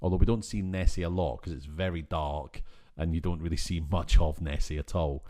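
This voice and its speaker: A Scottish man recaps a film on a podcast in a deep, low voice. He talks casually and gets animated and exasperated, and he swears freely. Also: brisk. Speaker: podcast co-host. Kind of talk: casual film-review chat.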